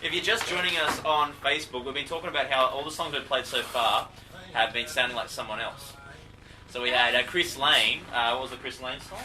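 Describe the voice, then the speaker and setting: A brisk man co-hosts a radio show and keeps the chat moving at a quick clip. He sounds a little off the mic, with music playing clearly behind him. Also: medium pitch, far from the mic, rough recording. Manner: brisk, upbeat, plugs the livestream. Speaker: radio co-host. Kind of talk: casual radio banter.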